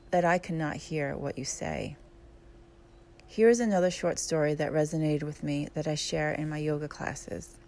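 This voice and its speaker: Low gravelly woman narrating reflectively. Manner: calm, reflective, candid. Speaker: author and yoga teacher. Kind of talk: audiobook narration.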